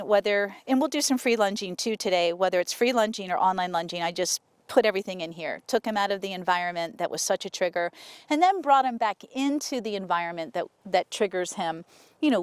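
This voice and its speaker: A woman horse trainer talking casually to her viewers while working a horse outdoors, often breaking off to softly praise the horse. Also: medium pitch, clean tone, no room sound. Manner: chatty, soothing praise to the horse. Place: outdoor arena.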